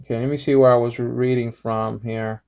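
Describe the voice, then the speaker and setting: A man giving a casual Bible lesson, reading slowly with many fillers and sounding out Greek words. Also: mid-range voice, flat delivery, darkish tone, smooth. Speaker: Bible teacher.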